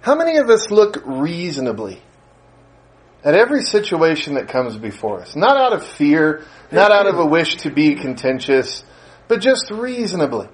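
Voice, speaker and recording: Animated, high-voiced male preacher. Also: normal speed. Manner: animated, rhetorical questions, laughs while telling stories. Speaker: pastor. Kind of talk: sermon.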